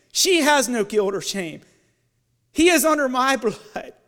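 A man giving an evening sermon as a lay preacher, leading listeners through guided imagery that builds and then softens. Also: extremely high pitch. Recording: long church hall reverb.

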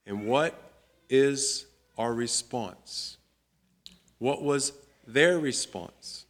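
A man leads a Bible study in a voice of ordinary, middling pitch. He talks at an unhurried pace and lifts his voice when he reads scripture aloud. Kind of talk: Bible teaching talk.

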